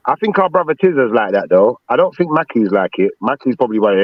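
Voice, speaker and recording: A man's voice: medium pitch, expressive, quick pace, dry recording, phone-quality sound. A man teasing his friends in playful livestream banter. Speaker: panelist.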